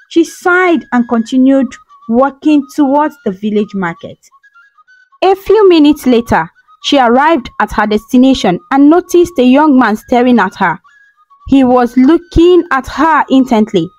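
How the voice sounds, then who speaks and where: Woman narrating a folktale, lively pitch. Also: unhurried, soft background music, low-quality recording. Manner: dramatic storytelling. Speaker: storyteller.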